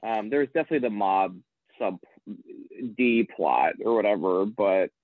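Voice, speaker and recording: A man's voice: fairly low pitch, lively intonation, normal speed, no room sound. A man co-hosting a podcast, chatting casually about a film and often repeating words as he starts. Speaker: podcast co-host. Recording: tinny phone-like line.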